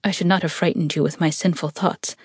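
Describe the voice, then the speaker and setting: A woman's voice: fairly low pitch, steady tone, brisk, breathy edge, dry recording, clean studio sound. A woman reading aloud voices a devoted, tormented young man who speaks in earnest murmurs, sometimes half-whispered.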